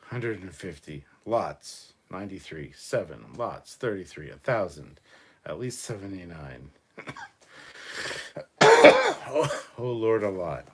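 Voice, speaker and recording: A man's voice: low-pitched, lively intonation, slow, pauses often. Tipsy man hosting a trivia livestream. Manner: loose, swearing, tipsy banter with chat. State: drinking, slightly drunk. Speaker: livestream host. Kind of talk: casual livestream trivia chat.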